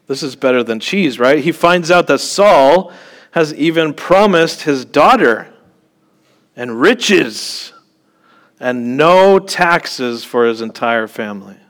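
Slow-talking male preacher. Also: medium pitch, fairly bright tone. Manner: conversational, with joking asides and frequent "okay?" check-ins. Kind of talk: sermon.

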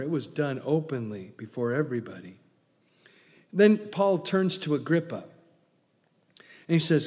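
Animated preacher in a reverberant hall. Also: male voice, on the high side. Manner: animated storytelling, acting out quotes, swings from loud to hushed. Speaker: pastor. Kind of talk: sermon.

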